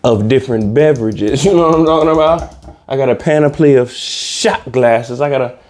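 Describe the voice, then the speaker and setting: A man's voice: medium pitch, normal speed, a little mellow. A man hosting a comedy podcast, talking in a loose, slangy, repetitive casual monologue. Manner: loose, slangy, repeats himself for laughs. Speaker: podcast host.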